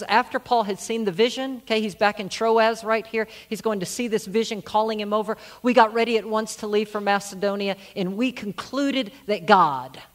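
Pastor telling a story in a sermon. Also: male voice, sits high, a bit bright. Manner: storytelling, repeats words at restarts. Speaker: senior pastor.

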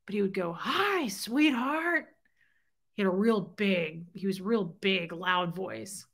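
A middle-aged woman hosts a casual livestream, reading viewer comments and talking in a heartfelt, openly emotional, chatty way. Her voice sits lowish and creaky, with a steady tone at normal speed.

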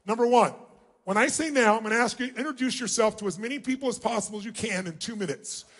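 A man leading a huge live audience through an exercise, energetic and commanding, often shouting questions to the crowd. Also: high voice, quick pace, breathy edge. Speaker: motivational speaker leading a large audience exercise. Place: large arena.

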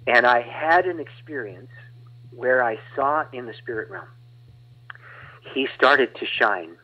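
Husky male guest evangelist, animated testimony storyteller, muffled lo-fi audio. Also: mid-range voice, slow. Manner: animated, dramatic retelling with laughs. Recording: dull lo-fi audio.

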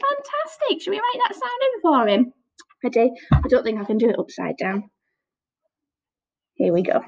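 A woman primary teacher leads a phonics lesson for small children, recorded to camera. Her voice sits high and she talks slowly, breaking words into sounds and praising every try. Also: fairly bright tone, rough recording. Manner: slow, encouraging, sounds out letters with lots of praise.

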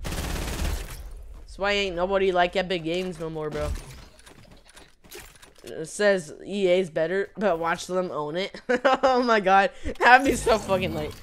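A woman's voice: on the low side, takes it slowly, pauses often, slight background noise. A young woman streaming a video game live, swearing freely and laughing a lot as she talks. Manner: profane, excitable, laughs often. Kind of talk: live gaming commentary.

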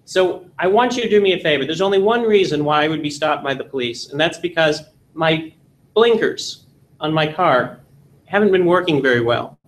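A man's voice: a little high, animated, normal speed, a little hiss or hum, close to an everyday voice, low-quality recording. A man voicing a worried adult driver who bargains over giving someone a ride, in a plain storytelling voice with earnest pleading. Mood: worried, bargaining.

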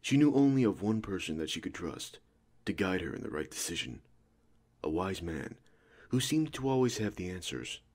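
A man narrates a storybook audiobook in a low voice, with steady, even storytelling throughout. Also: moderate pace.

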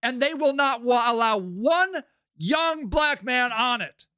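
High-pitched man on an impassioned rant. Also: animated, slow, clear, resonant tone, no room sound, studio quality. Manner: heated, profane, swings from shouting to muttering. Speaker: podcast host.

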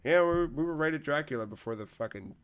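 A man's voice: on the high side, expressive, quick pace, smooth. Laid-back man hosting a podcast. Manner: laid-back, swears casually. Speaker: podcast host. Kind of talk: casual podcast chat.

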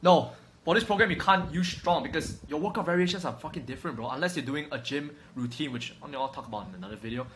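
Young male fitness coach, cocky and profane, rapid-fire delivery, faint room hiss. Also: a little high, a bit bright, low-quality recording. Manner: brash, swaggering, swears constantly, calls viewer bro. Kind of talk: profane casual lecture to camera. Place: room at home.

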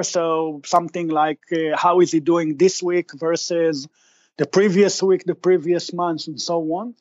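A man with a high voice speaks as a podcast guest. He explains his work patiently and keeps restarting his phrases with fillers. The recording is dry and a little dull and lo-fi. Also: a little mellow, no echo. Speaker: startup founder guest. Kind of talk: podcast interview.

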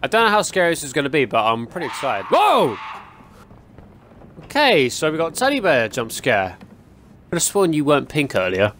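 Fast and sing-song, this young man's slightly high, somewhat bright voice carries a little hiss or hum. He hosts a gaming channel and chats his way through a horror game in loose, rambling fashion, jumping easily and letting out yelps and laughs at the scares.

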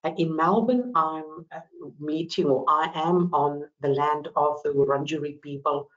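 A woman with a South African accent presents a business webinar with enthusiasm, often pausing on "um". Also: low-pitched, fairly even intonation, dull audio. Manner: enthusiastic, frequent ums. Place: Melbourne.

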